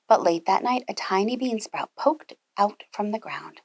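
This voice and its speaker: Preschool teacher reading a storybook aloud, lively and animated, a bit high. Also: female voice, normal speed, few pauses. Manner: animated, with gasps and asides to children. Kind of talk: children's storybook read-aloud.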